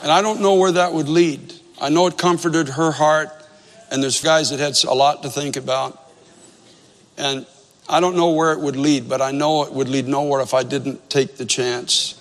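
A man's voice: fairly high pitch, fairly even intonation, moderate pace, in a large hall. A male pastor in his fifties telling a story in a sermon, conversational and self-deprecating, repeating phrases for emphasis.

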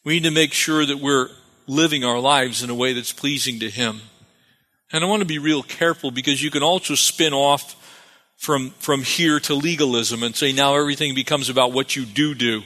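Bright-voiced preacher in a reverberant hall. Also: male voice, mid-range voice, normal speed. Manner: preacherly, calls for amens, repeats phrases for emphasis. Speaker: pastor. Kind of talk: sermon.

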